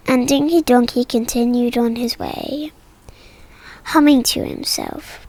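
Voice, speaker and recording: A woman narrating a children's storybook in a gentle, soft, often near-whispered manner. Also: fairly high pitch, huge pitch swings, slow pace, vocal fry. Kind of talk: storybook reading.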